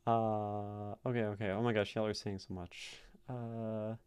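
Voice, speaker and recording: Slow, smooth-voiced male streamer. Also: lowish voice, little pitch movement, darkish tone. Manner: thinking aloud, tapping out rhythms in syllables. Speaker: streamer and poetry host. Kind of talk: casual live-stream poetry analysis. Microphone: streaming mic.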